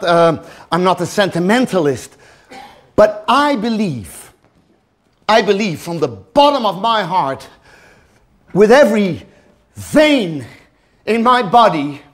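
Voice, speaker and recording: Man, stand-up comedian, strikingly high voice, mock-serious, stuttering repeats, chuckling. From Netherlands. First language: Dutch. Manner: mock-earnest, stammering repetitions, chuckling. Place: theater stage.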